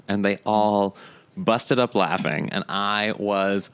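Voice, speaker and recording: A man hosting casual chat, playful and quick, telling stories in a quiet deadpan way. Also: fairly low pitch, smooth.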